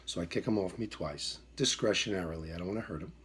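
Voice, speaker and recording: A man's voice: low-pitched, fast, fairly bright tone, breathy edge. A middle-aged man, a dog trainer, telling a story in an emphatic, repetitive way and acting out the voices in it. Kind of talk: storytelling monologue.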